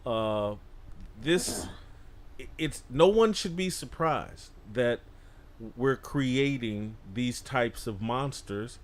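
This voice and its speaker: A male guest commentator speaks at a middle pitch in a podcast studio. His opinions come out as emphatic, punchy declarations. He delivers them with firm conviction. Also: animated, slow pace. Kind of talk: opinionated panel discussion.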